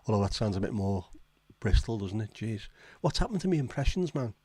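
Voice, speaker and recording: Male livestream host, lowish voice, chatty and sweary, dry close sound. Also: very animated, brisk, dark tone, breathy edge, dry recording. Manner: chatty, swears freely, reacts with disbelief. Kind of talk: casual chat reading viewer comments.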